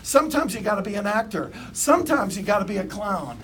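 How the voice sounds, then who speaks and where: Male sales coach, fairly high voice, heard from a distance, punchy call-and-response delivery. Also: sing-song, fast, a bit bright. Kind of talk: motivational sales talk. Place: dealership meeting room.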